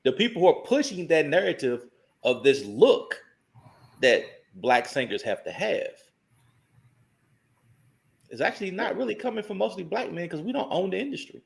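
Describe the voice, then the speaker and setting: A man's voice: high voice, big pitch swings, moderate pace, gravelly, pauses often. A man co-hosting a casual podcast discussion, arguing his points step by step. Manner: argumentative, builds points step by step.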